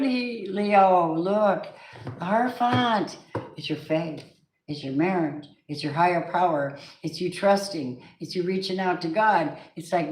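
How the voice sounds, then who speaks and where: A woman's voice: fairly low pitch, a little slow, darkish tone. A woman giving a casual, emphatic tarot reading, talking straight to her viewers. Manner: chatty, emphatic, sings snatches of songs. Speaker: tarot reader. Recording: echoey room with faint noise.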